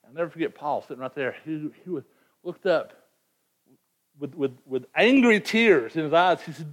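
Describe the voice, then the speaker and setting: A man's voice: a little high, lively intonation, moderate pace. A man preaching a sermon in an earnest, emphatic way, often repeating words as he presses a point. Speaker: pastor.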